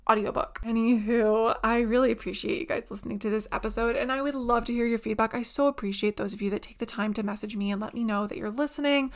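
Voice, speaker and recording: A woman's voice: a little high, fairly even intonation, fast talker, few pauses. A woman in her twenties hosting a casual solo podcast, telling rambling stories with lots of "like". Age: 20s. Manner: rambling, chatty storyteller, heavy use of "like". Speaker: podcast host.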